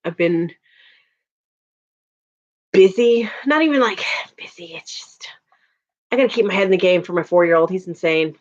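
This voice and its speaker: A woman in her thirties hosts a livestream, chatting casually, laughing often, and answering viewers' comments. Her lowish, darkish voice moves at a moderate pace with long pauses, and the lo-fi audio sounds dull.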